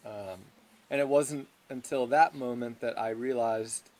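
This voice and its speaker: A man in his thirties from Washington, D.C., giving a slow, hesitant personal testimonial full of pauses and fillers. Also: medium pitch, a little mellow. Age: 30s.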